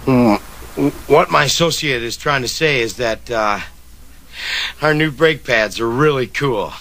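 An actor playing a bumbling, excitable salesman who rambles and acts out scenes with shrieks and sound effects. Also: medium pitch, a little slow, slight background noise. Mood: manic. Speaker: brake pad salesman.

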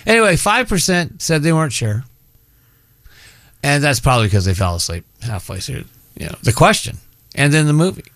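A man's voice: a little high, sing-song, normal speed, pauses often, a bit bright, no echo. A middle-aged man hosting a casual chat show, rambling and often breaking off mid-sentence. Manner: rambling, self-interrupting, chatty. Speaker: show host.

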